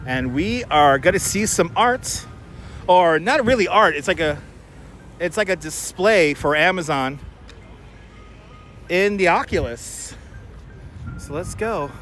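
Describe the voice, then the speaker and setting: A man hosting a casual live stream while strolling city streets takes it slowly, pausing often, his high voice fairly bright with lively intonation. Wearing a wireless clip-on mic, he chats, rambles and reads viewer comments aloud over soft background music.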